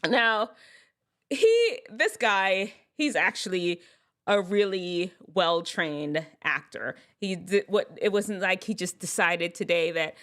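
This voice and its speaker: A woman talks through a casual reaction video, rambling and laughing as she goes. Her pitch swings widely and lively throughout. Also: slow. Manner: chatty, laughs often, rambling asides. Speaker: video host.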